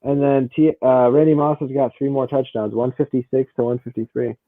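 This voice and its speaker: A man co-hosting a casual sports podcast, talking fast, repeating himself and stacking stats. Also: medium pitch, fairly even intonation, no room sound. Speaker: podcast co-host. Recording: dry, tinny phone-like audio.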